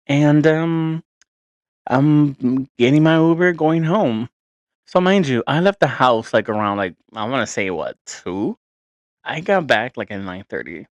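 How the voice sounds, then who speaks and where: A man's voice: medium pitch, no echo. A man in his thirties hosting a podcast, telling a story in a casual, profane, rambling and exasperated way. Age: 30s. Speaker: podcast host.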